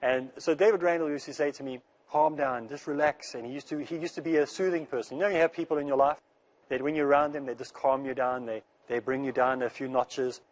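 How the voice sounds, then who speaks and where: A man giving an earnest religious lecture in a rushing, rapid delivery, repeating phrases to make his point. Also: mid-range voice, fairly even intonation. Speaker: Islamic speaker.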